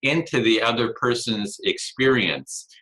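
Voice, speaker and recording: Bright-voiced man hosting an interview. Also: mid-range voice, expressive, rough recording. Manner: halting, frequent restarts and fillers. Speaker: interview host. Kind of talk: conversational interview.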